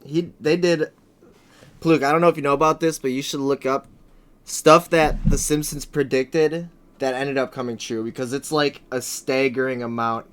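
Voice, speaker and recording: A man co-hosting a casual podcast who keeps riffing into jokes. His voice sits at a middle pitch and sounds unforced. He spins out loose banter between bits. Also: steady tone, moderate pace, a bit bright, clean tone. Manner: joking, riffs into silly bits. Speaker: podcast co-host. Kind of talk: casual chat.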